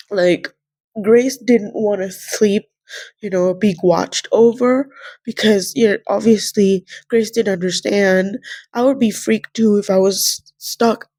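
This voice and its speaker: A woman's voice: mid-range voice, steady tone, slow pace, darkish tone, dry recording. A young woman rambling about a novel in a casual reading vlog, emotional and teary. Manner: rambling, emotional, tearful at times. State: crying. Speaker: book vlogger.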